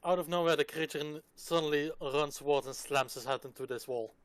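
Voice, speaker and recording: A man narrating as dungeon master, describing the scene in a relaxed, casual way. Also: fairly high pitch, a little fast, clear, resonant tone, no echo. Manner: descriptive, laid-back, casual swearing. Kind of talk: narrating a tabletop game.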